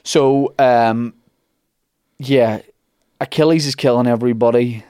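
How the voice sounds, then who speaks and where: A man spins an old myth as casual comic storytelling, wandering off into jokes and asides. His voice is warm and mellow, recorded close and dry with no room sound. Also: mid-range voice, steady tone, a little slow, clear, resonant tone, no echo. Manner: rambling, jokey, full of asides and restarts. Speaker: podcast host telling a myth.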